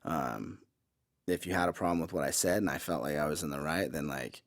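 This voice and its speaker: A man with a low, deep voice talks through his views in a loose, casual podcast chat. He rambles and circles back, correcting himself and leaning on "like" and "you know." He sounds middle-aged. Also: brisk. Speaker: podcast co-host. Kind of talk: casual conversation.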